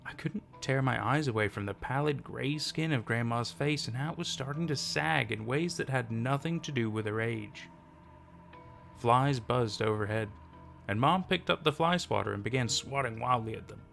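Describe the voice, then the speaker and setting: A man narrating a first-person horror story in a steady, measured reading. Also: mid-range voice, gravelly, soft background music.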